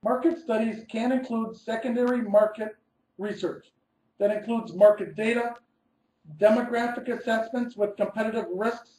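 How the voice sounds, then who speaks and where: A man's voice: high-pitched, steady tone, normal speed, mellow, roomy sound, poor audio. A man, an architect, giving a scripted webinar presentation, reading methodically through numbered steps and stressing key words.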